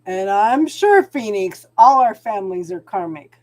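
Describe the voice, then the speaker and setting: A woman's voice: mid-range voice, lively intonation, measured pace. A middle-aged woman hosting a spiritual channel, chatting casually on a livestream and talking to viewers by name.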